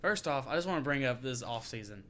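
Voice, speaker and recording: A man's voice: medium pitch, animated, quick pace, a bit bright, slight background noise. Ranting profane young man on sports. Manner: profane, ranting, laughs often. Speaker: podcast co-host. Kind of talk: casual sports chat.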